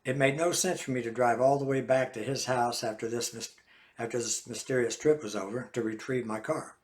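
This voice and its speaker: Older man, folksy memoir reading, middle-pitched voice, animated storytelling. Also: brisk. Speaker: author. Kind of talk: reading his memoir aloud.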